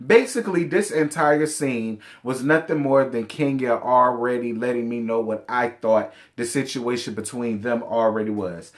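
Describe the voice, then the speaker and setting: Speaking at a normal speed with few pauses, this mid-range male voice delivers casual reality show recap commentary. He's sassy, blunt and profane, often addressing cast members directly.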